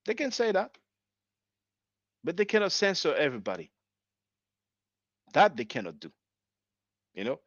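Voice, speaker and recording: A French-accented man in his forties hosts a live stream, his pitch swinging widely as he fires rhetorical questions at his listeners. His voice sits a little high. The sound is dry and a bit muffled. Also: wildly swooping pitch, normal speed, long pauses, fairly bright tone, no room sound. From France. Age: 40s. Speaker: channel host.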